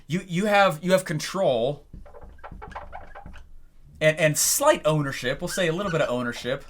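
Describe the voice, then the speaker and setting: Slight background noise sits under a young man's somewhat high voice at a normal pace. Coaching on business in a lively talking-head style, he tells stories and plays out the phone calls as he goes.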